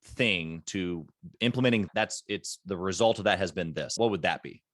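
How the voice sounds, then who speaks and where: A man's voice: low voice, moderate pace, no echo. A man hosting a podcast, asking a guest questions and rephrasing as he goes. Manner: searching, rephrases questions, lively intonation. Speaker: podcast host. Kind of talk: interview questions.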